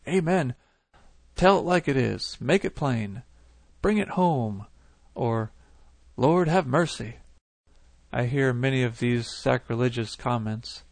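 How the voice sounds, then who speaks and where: A man with a mid-range voice narrates a scripted reading of a religious vision. His delivery is steady and measured, and the recording sounds dry with no room sound at all.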